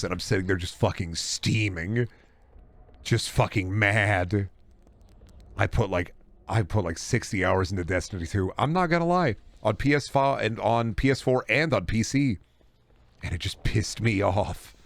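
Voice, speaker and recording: A man's voice: on the low side, a little slow, no room sound. Profane, ranting male game streamer. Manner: profane, heated ranting with frequent swearing; rambling, with restarts and trailing asides. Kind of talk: casual ranting stream chat.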